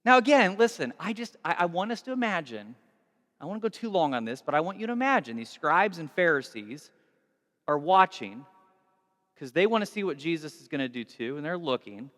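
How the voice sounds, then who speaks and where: A man preaching a sermon in a conversational, animated way, recorded in a large church hall with long reverb. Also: a little high, fairly quick. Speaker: pastor.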